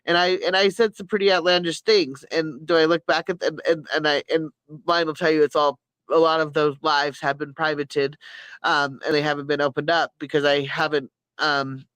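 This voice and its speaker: A woman's voice: deep voice, fairly even intonation, normal speed, a bit bright, no echo, rough recording. A middle-aged woman chatting candidly on a live stream, rambling earnestly with frequent restarts and self-corrections. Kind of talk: candid personal chat.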